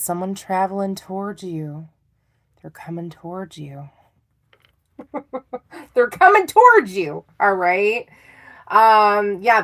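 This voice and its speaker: A woman's voice: medium pitch, fairly bright tone. A middle-aged woman giving a live tarot reading in a chatty, self-teasing way, laughing often. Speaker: tarot reader.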